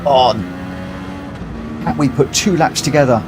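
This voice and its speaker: A man's voice: medium pitch, measured pace. A man chatting to viewers while racing on a live stream, joking at his own expense and laughing often. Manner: chatty, laughs a lot, self-mocking. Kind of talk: casual live-stream commentary. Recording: noisy game audio behind voice.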